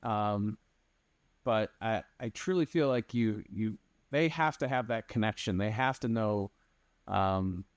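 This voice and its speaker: A man's voice: on the low side, measured pace, no room sound. A man hosting a podcast, chatting casually and backing up guests with short affirmations. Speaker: podcast host. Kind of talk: casual interview chat.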